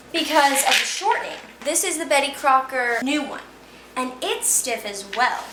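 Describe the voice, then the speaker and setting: Chatty woman in an echoey kitchen. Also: a little high. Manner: chatty, thinking aloud with fillers. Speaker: vlog host. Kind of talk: casual kitchen vlog chat. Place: home kitchen. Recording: echoey kitchen, clear background noise.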